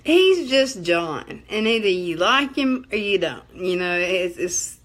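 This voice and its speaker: A woman's voice: medium pitch, sing-song, takes it slowly, fairly bright tone. Chatty woman live-streaming. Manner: chatty, rambling, laughs often. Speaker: livestream host. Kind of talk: casual live chat and storytelling.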